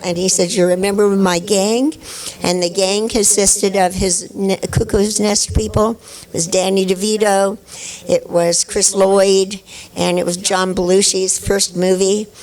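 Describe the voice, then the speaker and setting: A woman's voice: mid-range voice, flat delivery, measured pace, rough recording. Older woman telling chatty anecdotes. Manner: chatty anecdotal storyteller, laughs often. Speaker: actress panel guest. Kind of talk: convention panel storytelling. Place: convention panel stage.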